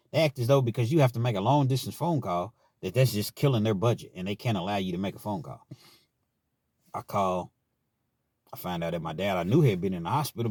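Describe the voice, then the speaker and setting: Speaking with a medium pitch and a darkish tone, a Richmond, Kentucky man gives a casual monologue about his prison days. He's frank and relaxed, frequently tacking "man" onto his sentences, and there's no room sound.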